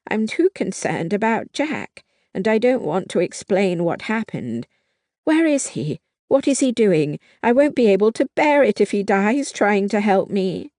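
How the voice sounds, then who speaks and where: A reader voicing a frail, hoarse elderly grandmother who speaks with anxious urgency. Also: mid-range voice, huge pitch swings, slow pace, long pauses, darkish tone, no room sound, studio quality, voice pushed up, full character voice.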